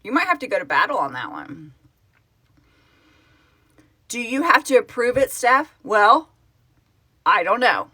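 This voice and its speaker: A woman who founded a fan project, hosting a casual live stream, answering viewers' comments in an excitable, gushing way and laughing often. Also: on the high side, unhurried, long pauses, husky.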